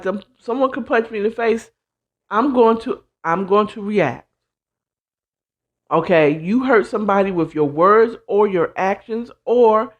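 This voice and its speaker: Heard through dull audio, a host with a medium-pitched voice gives casual advice in an animated, blunt way. She acts out quoted voices and keeps dropping "child" and "you know what I'm saying."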